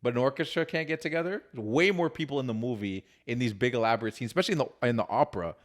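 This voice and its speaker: A man co-hosting a casual film podcast, his voice mid-pitched. He talks fast in a loose, easygoing way, with plenty of agreeable fillers. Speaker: podcast co-host. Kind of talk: casual chat about a film.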